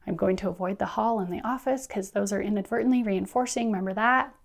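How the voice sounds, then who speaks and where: A woman teacher trainer giving friendly, brisk instructional talk, often acting out what students and teachers say. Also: mid-range voice, vocal fry. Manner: friendly, brisk, acts out classroom quotes.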